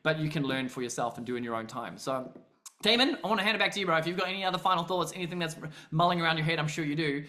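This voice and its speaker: A man's voice: a little high, racing, sharp tone. A man hosting an investing webinar on a video call, talking casually and rambling with many fillers and restarts. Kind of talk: casual pitch talk on a group call.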